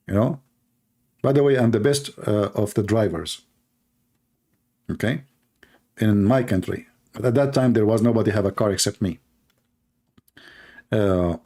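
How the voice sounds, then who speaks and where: Talking casually to camera, this animated male commentator plays out short exchanges, switching to higher voices for the characters.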